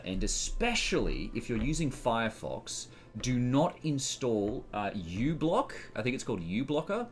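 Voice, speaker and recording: A man's voice: mid-range voice, big pitch swings, unhurried, hardly any pauses, soft background music. A man hosting a casual live stream, rambling and hesitating with fillers as he reads settings aloud.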